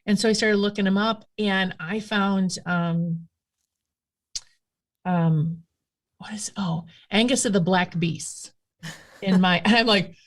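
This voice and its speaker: A woman who practices witchcraft chats as a guest in a casual conversation, her storytelling animated, rambling and full of fillers. She speaks at medium pitch and a little slowly.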